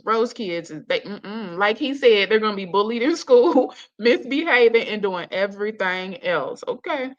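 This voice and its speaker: Through dull lo-fi audio, this reaction channel host chats at a normal pace with few pauses, her medium-pitched voice full of lively intonation. Her commentary is casual and slangy, punctuated by frequent laughter and the word "y'all" for her viewers.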